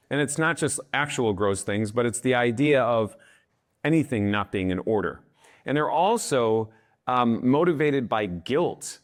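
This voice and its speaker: Animated man who keeps asking "okay?". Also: medium pitch, moderate pace. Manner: acts out other people's voices, often asks "Okay?". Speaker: speaker on influence and leadership. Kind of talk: lively talk to a live audience.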